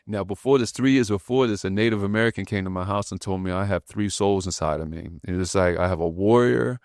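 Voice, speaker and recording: A man hosting a podcast, telling a personal story in a loose, slangy, animated way and acting out the voices in it. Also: deep voice, fast, no room sound, clean studio sound. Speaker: podcast host. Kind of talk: casual conversation.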